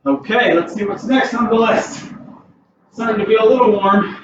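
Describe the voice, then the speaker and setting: A karate instructor with an American accent leading a warm-up class from his home garage, upbeat and counting reps in Japanese. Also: sits high, normal speed, highs cut off, noisy background. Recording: echoey garage mic from a distance.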